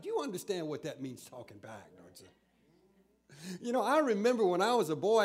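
Male preacher, pretty high voice, slow easy sermon storytelling. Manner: expressive storytelling preaching, reads scripture aloud.

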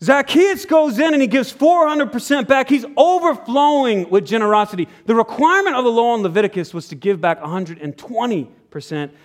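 A man's voice: very high voice, expressive, a little fast, hardly any pauses. A man preaching a sermon in church, telling a story with acted-out dialogue and sudden drops to a near whisper. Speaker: pastor. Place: church sanctuary.

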